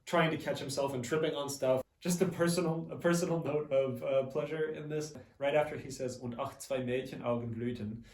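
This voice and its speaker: A man's voice: on the high side, fairly even intonation, fairly quick, hardly any pauses, darkish tone, roomy sound, recorded from a distance, rough recording. A man who plays piano, explaining a song in a casual, enthusiastic way. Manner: enthusiastic, casual asides, reads German lines aloud. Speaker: Lied pianist. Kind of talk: explaining music analysis.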